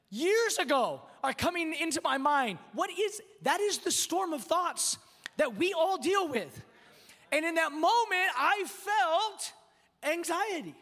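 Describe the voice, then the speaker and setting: A man's voice: very high-pitched, pushed and bright. A man preaching as a pastor, telling a personal story with self-deprecating humor and often repeating words as he restarts sentences. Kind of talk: sermon. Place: church auditorium. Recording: long reverb in a large church hall.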